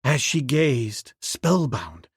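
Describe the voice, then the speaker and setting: Gravelly, slow-paced male audiobook narrator. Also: medium pitch, very animated, dry recording, clean studio sound. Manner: dramatic, measured storytelling.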